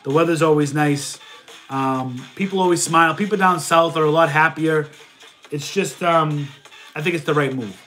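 A high-pitched man hosts a casual livestream, reading out viewer questions and talking through his answers in a loose, chatty way. His nose is stuffed up, and faint music plays behind him. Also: normal speed, a bit bright. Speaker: livestream host and reseller.

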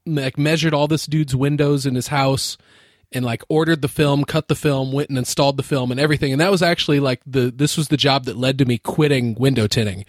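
A man's voice: medium pitch, steady tone, brisk, no echo, clean studio sound. A man in his thirties from the United States, telling laid-back stories with frequent fillers and easy laughter. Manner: laid-back storytelling, says like often, laughs easily. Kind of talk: casual chat.

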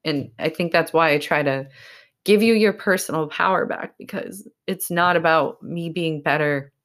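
A woman's voice: low voice, normal speed, fairly bright tone. A woman from Massachusetts hosting her own podcast, talking casually and emotionally, choked up and tearful, with many fillers and restarts. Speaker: podcast host. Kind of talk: casual solo podcast talk.

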